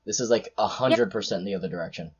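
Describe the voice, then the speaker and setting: Brief: young male host, very low and husky, muffled call sound, loose and jokey. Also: quick pace. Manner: rambling, filler-heavy, jokey. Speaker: podcast host. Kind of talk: casual chat.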